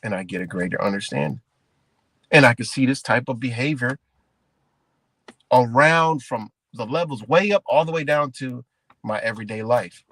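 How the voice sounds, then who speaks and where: A man hosting a livestream, ranting in a rambling, profane, animated way and calling his viewers guys. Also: medium pitch, normal speed, pauses often, dry recording. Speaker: livestream host. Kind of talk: casual livestream rant.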